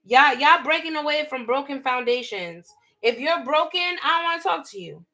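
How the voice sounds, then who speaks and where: A young woman giving a live tarot reading, animated and emphatic, full of slang, talking straight to her viewers. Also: high-pitched, normal speed. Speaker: tarot reader.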